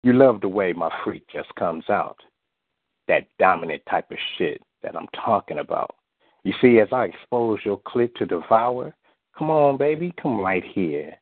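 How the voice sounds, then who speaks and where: Deep-voiced man reciting sensual poetry. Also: animated, no room sound. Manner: slow, sensual delivery with a recurring "you see". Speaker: guest poet. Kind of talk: erotic spoken-word poetry recital. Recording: tinny phone-line audio, dry.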